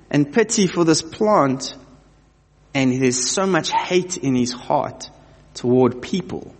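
A man's voice: a little high, expressive, slow pace. Man preaching in a reverberant hall. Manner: conversational, asks the listeners direct questions. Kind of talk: sermon with scripture reading.

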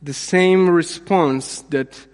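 A man with a high voice preaches slowly, pausing and repeating his phrases for emphasis. His sermon rings out with the long reverb of a large hall. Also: a little mellow. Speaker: pastor.

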